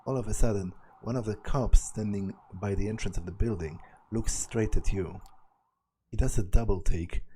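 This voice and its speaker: A man's voice: fairly low pitch, moderate pace, mellow, slight background noise. A young man reading a visual novel aloud and commenting as he goes, thinking aloud with hesitant restarts. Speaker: let's play narrator.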